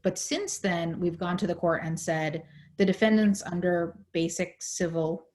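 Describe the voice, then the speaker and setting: A woman on a video call explaining a legal case in a panel talk, measured, with many fillers, her voice going hoarse. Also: on the low side, darkish tone. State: losing her voice. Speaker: legal advocate in a panel discussion.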